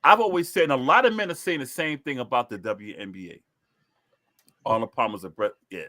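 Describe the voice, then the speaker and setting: A man's voice: mid-range voice, fairly quick, bright, forceful tone. A man co-hosting a casual podcast chat about sports, repeating himself to press his points. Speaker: podcast co-host.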